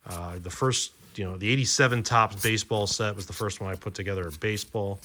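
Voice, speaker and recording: Rambling low-voiced man opening cards. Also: fairly even intonation, brisk, pushed and bright, a little hiss or hum. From Maryland, US. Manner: rambling, loose, many fillers and restarts. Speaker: card collector vlogger. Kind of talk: casual chat while opening cards.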